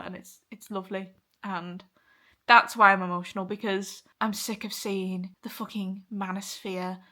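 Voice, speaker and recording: A woman's voice: mid-range voice, bright, forceful tone. Chatty young woman vlogging to camera. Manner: chatty, emotional, swears freely, laughs often. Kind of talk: casual vlog chat.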